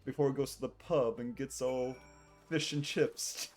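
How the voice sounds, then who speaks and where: A male streamer with a medium-pitched, steady, slightly mellow natural voice speaks unhurriedly as faint music plays behind. He puts on a hammy British accent, playing a jolly, exaggerated tipsy British bloke, and banters jovially while streaming a game, laughing often.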